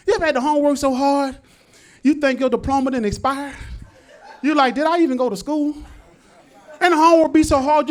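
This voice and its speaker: A male stand-up comedian telling loose, animated stories with voices and asides. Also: extremely high pitch.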